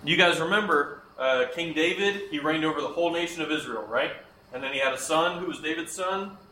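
Bright-voiced man teaching kids the Bible. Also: a little high, fairly quick, roomy sound, slight background noise, low-quality recording. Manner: asks the class questions and repeats their answers. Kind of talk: Bible lesson with questions to the class.

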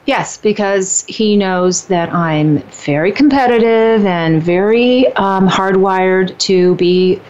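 Woman, fifties, candid talk-show guest, lively and self-assured, mid-range voice, dull lo-fi audio. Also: mid-range voice, takes it slowly, hardly any pauses, a little hiss or hum. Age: 50s. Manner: animated, restarts her sentences, emphatic about herself. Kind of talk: casual conversation. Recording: dull lo-fi sound.

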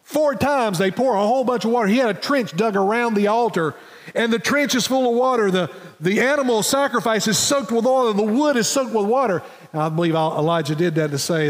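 A man preaching a sermon, telling a story with dramatic pauses and repeated words. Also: high-pitched, long reverb tail. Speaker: pastor. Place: church sanctuary.

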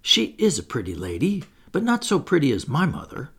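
Guy doing a bratty bragging boy, higher up, bit gravelly. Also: huge pitch swings, brisk, fairly bright tone, heavily acted. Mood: boastful. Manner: bragging, sneering. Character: boastful cocky boy who flies.

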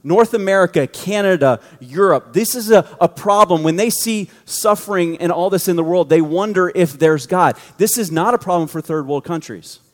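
Youth pastor guy joking around mid sermon, kinda high voice, big echoey hall. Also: moderate pace, hardly any pauses. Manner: conversational, joking storyteller. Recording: long hall reverb.

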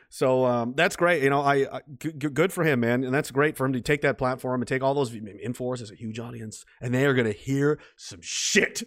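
A man's voice: medium pitch, fairly bright tone, no echo, clean studio sound. Rambling, profane male livestream host. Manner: rambling, profane, laughs often, mocking voices. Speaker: livestream host reading chat. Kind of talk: casual livestream commentary.

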